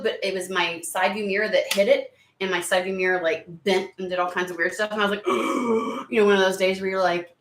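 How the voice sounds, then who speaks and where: A woman's voice: mid-range voice, a bit bright, roomy sound. A woman giving a casual tarot reading to camera, chatty and rambling, easily sidetracked. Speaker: tarot reader.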